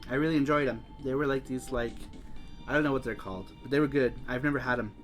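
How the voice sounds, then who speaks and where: A man's voice: medium pitch, fast, faint music behind. A man hosting a casual live stream, chatty and laughing often as he reads the chat aloud. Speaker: show host.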